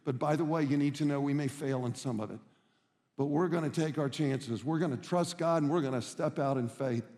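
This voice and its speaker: Earnest preaching pastor, fairly high voice. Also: male voice, brisk, a little mellow, long reverb tail. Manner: storytelling, earnest and emphatic. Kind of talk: sermon.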